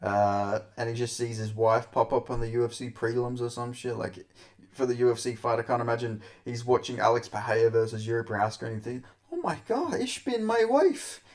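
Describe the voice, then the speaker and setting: A young man hosting a casual commentary vlog, his pitch sitting in the middle for a man. He rambles and swears freely, often breaking into laughter as he talks. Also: fairly even intonation, fast talker. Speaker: MMA commentary host.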